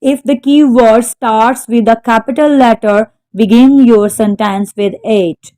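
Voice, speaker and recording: A woman teacher slowly reading out textbook exercise answers, carefully naming the stressed syllable of each word. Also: fairly high pitch, warm tone, low-quality recording. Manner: slow, careful dictation, spelling out word stress. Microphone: home microphone.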